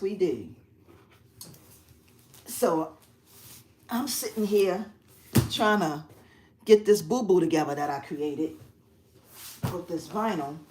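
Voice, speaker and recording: A middle-aged woman hosts a casual live stream on her phone from a quiet bedroom at home. Her voice sits a little low, and she talks in a chatty, expressive way, laughing often. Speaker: craft channel host.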